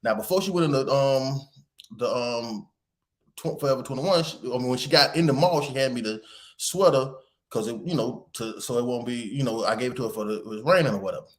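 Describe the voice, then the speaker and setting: A man hosting a podcast, telling a rambling story with lively quoted voices and casual swearing. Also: mid-range voice, a little fast. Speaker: podcast host.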